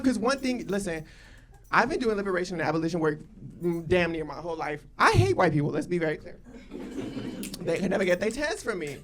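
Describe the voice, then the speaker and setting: A stand-up storyteller from Los Angeles doing a loud, profane set that swings from low asides to laughing shouts, on a comedy stage. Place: comedy stage with live audience. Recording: live room with audience noise.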